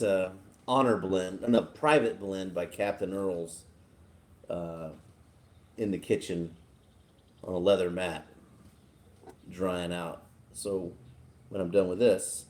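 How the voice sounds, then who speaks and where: A man from Texas hosting a casual livestream, chatting in a relaxed, chuckling, rambling way as he reads viewer comments. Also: fairly low pitch. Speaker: livestream host. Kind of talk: casual live chat reading viewer comments.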